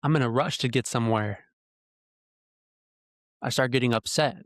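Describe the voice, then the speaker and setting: A man's voice: medium pitch, normal speed, fairly bright tone, dry recording. Earnest ranting man, dry close mic. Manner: earnest, heated, full of rhetorical questions. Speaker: podcast host. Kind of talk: ranting solo podcast monologue. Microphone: podcast mic close up.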